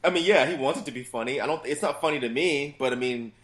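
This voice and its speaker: A man's voice: medium pitch, fast, few pauses. A man in his thirties chatting casually as a guest, loose and profane, telling stories about his family. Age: 30s. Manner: loose, profane, animated storytelling. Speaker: podcast guest. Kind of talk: casual chat.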